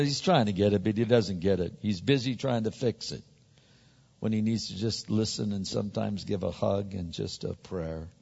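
Through a muffled recording with long hall reverb comes a gravelly, medium-pitched male voice. The pastor preaches in a conversational way, repeating words again and again as he works up to his point.

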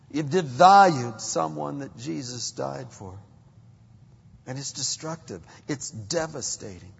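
A man preaching a sermon, an animated storyteller who swings from loud bursts to hushed tones. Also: on the high side, creaky, slightly rough. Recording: muffled hall recording with long reverb.

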